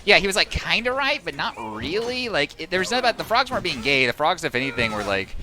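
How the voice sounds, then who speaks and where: A man's voice: on the high side, very animated, fast, pushed and bright. A man live-streaming a video game, chatting casually with viewers, sarcastic and often swearing at the game. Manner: sarcastic, profane, rambling asides to chat. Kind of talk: casual gaming commentary. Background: game music and sound effects.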